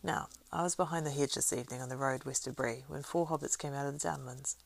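A woman's voice: very deep voice, steady tone, fast talker, gravelly, exaggerated voice. Strider, a woman reading a wary ranger. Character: weathered male ranger, cool and guarded.

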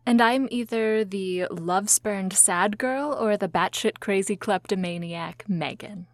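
A woman co-hosts a comedy podcast with a wry, sarcastic, deadpan manner. Her voice sits at an ordinary middle pitch, and it is recorded dry, with no room sound around it. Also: unhurried, no echo. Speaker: podcast co-host. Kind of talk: casual comedic podcast chat.

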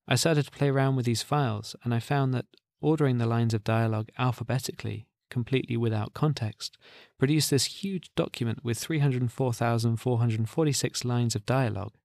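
A man with a gravelly voice and a dry, close sound calmly introduces his podcast episode. He explains the project in a steady, scripted way. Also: mid-range voice, fairly quick, few pauses, no room sound. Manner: calm, explanatory. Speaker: podcast host.

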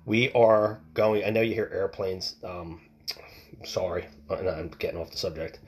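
A man's voice: deep voice, a little slow, a little mellow. A man hosting a show from home, ranting bluntly with plenty of swearing and restarts, into a home mic that picks up outside noise. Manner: blunt, profane, fired-up ranting with many restarts. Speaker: podcast host. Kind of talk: casual opinion rant.

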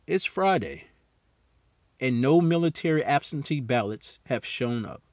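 A man's voice: medium pitch, animated, unhurried, darkish tone, no room sound, highs cut off. A man hosting a podcast, ranting angrily about politics with heavy profanity and mocking asides; he talks as a serving military member. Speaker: podcast host. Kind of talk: angry political rant.

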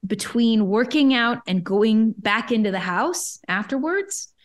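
A woman who coaches entrepreneurs, a guest telling a personal story in an interview, chatty and lively, often acting out her own past thoughts. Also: on the high side, a little slow. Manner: lively, self-quoting, chatty with frequent "like".

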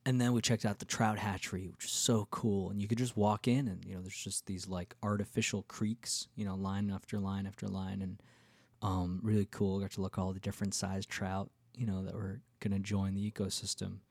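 A man's voice: low-pitched, flat delivery, brisk, creaky, a little mellow, no room sound. A man hosting his own podcast, telling a travel story in a candid, rambling, self-deprecating way, with lots of fillers and restarts. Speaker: podcast host. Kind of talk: casual solo storytelling.

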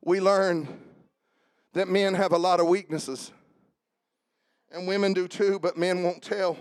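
A man preaching a sermon as pastor, shifting between shouted, rhythmic runs and a lower conversational tone, with jokes for the congregation. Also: steady tone, a little slow, no echo. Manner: joking with the congregation.

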